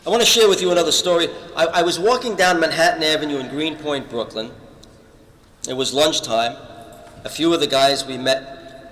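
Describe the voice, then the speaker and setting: Man, earnest testimony talk, storyteller, bright tone, echoey hall. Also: a little high. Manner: earnest, retells conversations with acted-out quotes. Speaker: panel speaker giving a testimony. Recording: echoey hall with long reverb.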